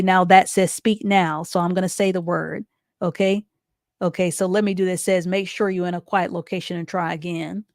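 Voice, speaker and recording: A woman teaching a live online reading class, patiently repeating each explanation step by step and reading sentences out slowly. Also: lowish voice, no room sound, studio quality. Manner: reads sentences out slowly and deliberately.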